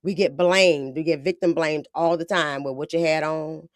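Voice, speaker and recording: A woman's voice: low-pitched, steady tone, normal speed, dry recording, studio quality. A woman hosting a podcast, talking bluntly in casual slang, often acting out quotes. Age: adult with a daughter. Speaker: podcast host.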